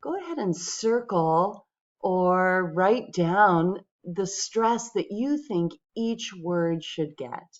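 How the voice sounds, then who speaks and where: A woman teaching English pronunciation, speaking patiently and clearly to her viewers. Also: on the low side, animated, slow pace, dull audio. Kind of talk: pronunciation lesson.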